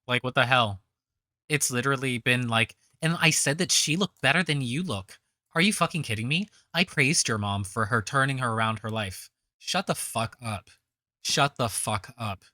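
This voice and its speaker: Sarcastic, foul-mouthed reaction commentator, bright edgy tone, dry close mic. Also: medium pitch, expressive, moderate pace, dry recording. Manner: profane, sarcastic, scornful.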